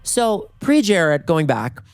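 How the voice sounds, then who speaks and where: A man in his thirties hosting a podcast from his bedroom, telling funny stories in a lively way, jumping into high voices when acting out scenes. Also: takes it slowly, clean tone, no echo, faint music behind. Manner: animated, acts out voices with big jumps in pitch. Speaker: podcast host. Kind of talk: comedic storytelling.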